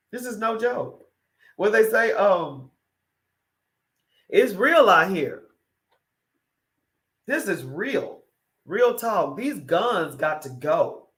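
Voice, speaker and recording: A woman hosting a morning talk show, giving an opinionated monologue that is emphatic and repetitive, full of rhetorical questions. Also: mid-range voice.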